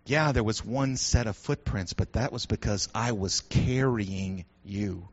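A man voicing God as calm and gentle, speaking in a soft, low, reassuring way. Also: a little slow. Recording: dull lo-fi sound.

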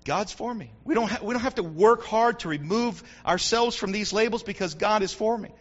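A male pastor delivering an animated sermon, repeating phrases for emphasis and building up to shouts. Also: high voice, moderate pace, muffled recording.

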